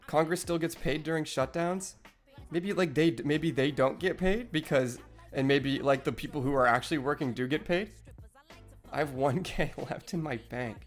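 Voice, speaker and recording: Young guy streaming, kinda high voice, rambles and swears a lot, faint music behind. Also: moderate pace. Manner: rambling, profane, trailing restarts. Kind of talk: casual live-stream chat.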